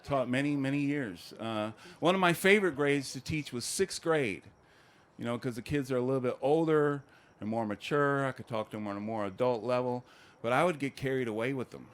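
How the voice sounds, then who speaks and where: A man performing a stand-up comedy set, telling stories in a conversational, deadpan way. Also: mid-range voice, fairly quick, slight background noise. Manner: conversational, deadpan storytelling with acted quotes.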